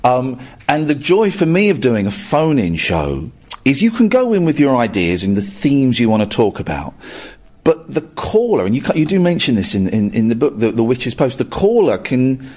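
A man's voice: mid-range voice, breathy edge. A man who hosts a late-night phone-in radio show, chatting eagerly with a guest and laughing easily. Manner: animated, eager, quick to laugh. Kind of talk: casual interview chat.

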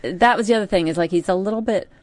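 A woman's voice: medium pitch, rapid-fire, dry recording, studio quality. Chatty woman telling a rambling story. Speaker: radio co-host. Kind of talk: casual chat. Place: radio studio.

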